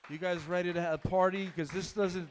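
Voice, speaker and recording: Deadpan male stand-up comic. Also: high-pitched, fast talker, slight background noise. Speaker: stand-up comedian. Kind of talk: stand-up comedy set. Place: comedy club stage.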